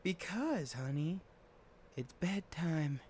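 A man voicing a patient mother in a soft falsetto who coaxes her child to bed. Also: lively intonation, takes it slowly, a little hiss or hum. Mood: soothing. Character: patient mother, woman, soothing.

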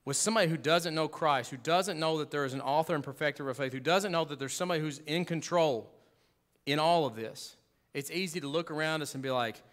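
A man preaching a sermon as pastor, emphatic and conversational, swinging from loud to hushed with humorous asides. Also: a little high, a little fast.

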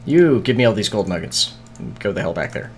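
A man's voice: on the low side, big pitch swings, brisk, a little hiss or hum. A man streaming a video game, muttering to himself in casual, scattered chatter with frequent swearing and hiccups.

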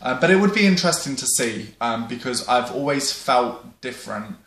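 A man's voice: mid-range voice, expressive, moderate pace, fairly bright tone, slight background noise. A young man from England, talking casually to camera with a rambling, um-filled style and plenty of swearing. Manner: rambling, many ums, swears freely. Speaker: vlogger. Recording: roomy echo.

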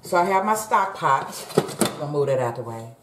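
A woman's voice: low voice, animated, normal speed, background noise. A woman hosting a home cooking vlog, chatting casually to her viewers in her kitchen. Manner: chatty, talks straight to viewers as "y'all". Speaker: cooking channel host. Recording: roomy echo.

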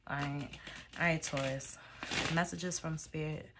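A young woman with a low voice chats her way through a tarot reading, loose and laughing, dropping the odd swear. She is recorded on a phone camera indoors, with a faint hiss under her voice. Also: fairly even intonation, a little slow. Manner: chatty, laughing, swears casually. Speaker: tarot reader. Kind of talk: casual chat, tarot reading. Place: dim room indoors.

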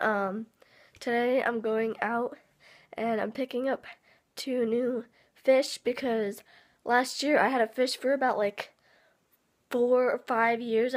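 Teen girl vlogger, slightly high voice, nasal from a cold, rambling casual delivery. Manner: rambling, many "like" and "um" fillers. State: stuffy nose from a cold. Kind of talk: casual vlog chat.

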